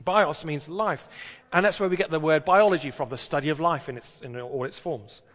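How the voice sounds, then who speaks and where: A man's voice: a little high, quick pace, a bit bright, in a large hall. A British man preaching a sermon in a church, talking in a conversational, emphatic way with rhetorical questions.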